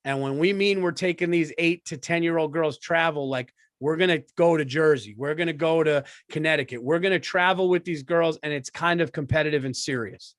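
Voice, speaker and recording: A middle-aged man from the United States, co-hosting a podcast and telling a story in an animated, profane way. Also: on the high side, fairly quick, few pauses, no echo. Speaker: podcast co-host. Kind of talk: casual comedic storytelling. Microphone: studio microphone.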